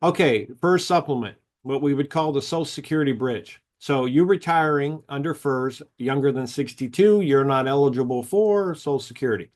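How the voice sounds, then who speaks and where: A man's voice: medium pitch, normal speed, few pauses, a little mellow. Chatty man giving a benefits seminar. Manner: chatty, tells anecdotes, acts out dialogue. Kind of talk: seminar talk on retirement benefits.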